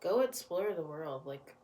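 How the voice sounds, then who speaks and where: A woman's voice: sits low, animated, measured pace, dark tone. A woman chatting casually as a vlogger reviewing a TV series, rambling and repeating phrases for emphasis. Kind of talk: casual chat.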